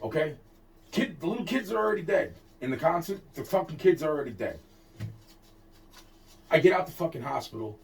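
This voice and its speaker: A man's voice: fairly high pitch, lively intonation, fairly quick, gravelly, pauses often. A man telling a personal story in a heated, profane, repetitive rant. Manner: heated, profane, repeats himself and restarts often. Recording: distant mic.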